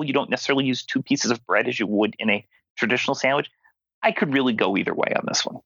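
A man's voice: mid-range voice, lively intonation, fast, fairly bright tone, no room sound. A young man from Philadelphia co-hosting a sports podcast in easygoing casual chat, thinking aloud. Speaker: podcast co-host. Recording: dull lo-fi home recording over call.

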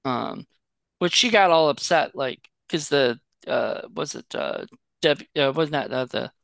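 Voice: mid-range voice, measured pace, creaky, a bit bright, dry recording. A podcast co-host chatting casually about a movie, rambling with many fillers and restarts. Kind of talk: casual movie-review chat.

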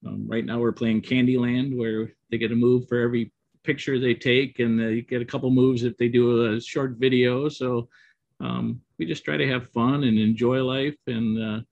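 A middle-aged man who co-owns an auto repair shop, answering interview questions in a relaxed, rambling way with many ums and you-knows. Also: medium pitch, moderate pace, gravelly. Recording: dull, slightly muffled dry audio.

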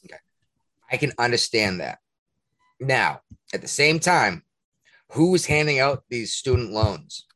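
Husky, fired-up man ranting. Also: medium pitch, measured pace, pauses often. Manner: profane, indignant, animated. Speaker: podcast host. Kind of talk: heated casual rant.

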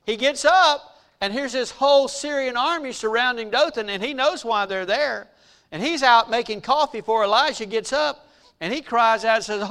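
A man preaching a sermon, retelling scripture in an animated storytelling way and acting out its people. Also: very high-pitched, moderate pace, smooth. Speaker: pastor.

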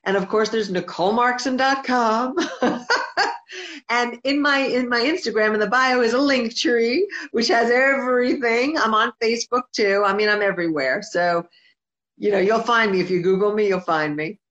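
A woman's voice: fairly high pitch, normal speed, a bit bright. Earnest woman singer in a guest interview. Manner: heartfelt, emphatic, repeats her points. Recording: dull lo-fi sound.

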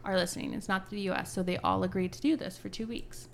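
Woman with a gravelly voice on a podcast, swearing a lot as she recaps the story, faint hiss in the background. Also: medium pitch, quick pace. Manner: animated retelling, lots of swearing and "like". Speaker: podcast co-host. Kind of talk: casual book-club chat.

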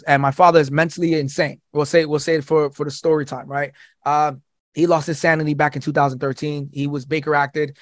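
A man guesting on a podcast, talking in a long, restless monologue full of swearing and constant "right?" check-ins. His voice sits fairly high for a man, and now and then he jumps into squeaky put-on voices to quote people. The sound is dry and close, with no room echo. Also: fairly bright tone. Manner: rapid rambling monologue, swearing, says "right?" often. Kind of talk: casual podcast chat.

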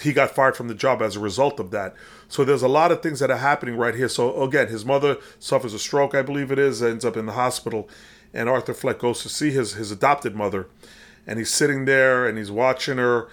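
A man casually retelling a film, with a voice of ordinary middle pitch for a man. He rambles, restarts his sentences and leans on fillers as he goes. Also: fairly bright tone. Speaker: film recapper.

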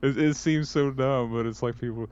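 A man's voice: mid-range voice, fairly even intonation, normal speed, darkish tone, smooth. A man co-hosting a casual podcast, laid-back and swearing freely. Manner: laid-back, profane, laughs often. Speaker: podcast co-host. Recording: dull lo-fi sound.

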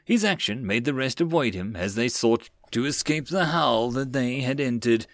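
A man narrating a web novel audiobook in a steady storytelling read. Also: mid-range voice, moderate pace, hardly any pauses, no echo, studio quality.

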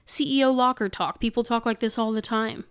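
A woman's voice: a little high, steady tone, fairly quick, fairly bright tone, clear, resonant tone. A woman co-hosting a casual podcast, reading news excerpts aloud and adding indignant, sarcastic comments. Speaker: podcast co-host.

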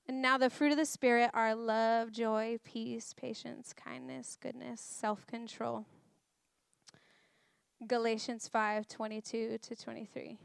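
A woman's voice: fairly high pitch, gravelly, smooth, no echo, clean studio sound. A woman in her thirties giving a chatty, self-deprecating sermon full of personal stories and laughter. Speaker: guest preacher. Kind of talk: conversational sermon storytelling.

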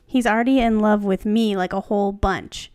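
A woman reading aloud the lines of a smug, scheming boy from a fan story, in a smooth voice. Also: mid-range voice, steady tone, normal speed, darkish tone, dry recording, studio quality, lightly acted.

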